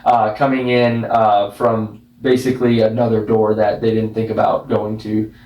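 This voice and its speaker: A man's voice: on the low side, flat delivery, moderate pace, dull audio. A man co-hosting a podcast, casually recapping a movie in a rambling way and often checking in with "right?". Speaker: podcast co-host. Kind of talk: casual movie review chat. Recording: roomy sound, distant mic.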